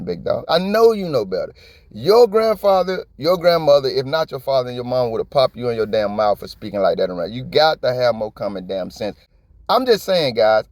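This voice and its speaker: Man, reaction commentary, impassioned and profane, casual slang, mid-pitched voice, dry recording. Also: a little mellow, no room sound. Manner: conversational, slangy. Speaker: video commentator.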